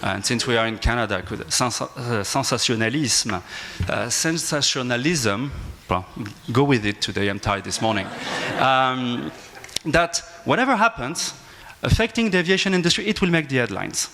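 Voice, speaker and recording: A man's voice: medium pitch, expressive, fairly quick, pushed and bright, a little hiss or hum. A man with a French accent, an academic speaking at a panel discussion, hesitant with frequent restarts and fillers. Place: conference panel table.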